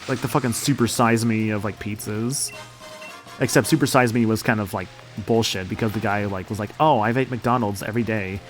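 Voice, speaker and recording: A man's voice: lowish voice, steady tone, a little fast, soft background music. A man in his late twenties streaming a game and chatting casually, rambling and laid-back, swearing a lot. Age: late 20s.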